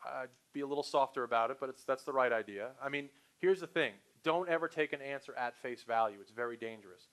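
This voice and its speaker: A man's voice: mid-range voice, quick pace, hardly any pauses. Man teaching a sales class. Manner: animated, acts out customer and salesperson lines. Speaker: sales trainer. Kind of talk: live sales training talk.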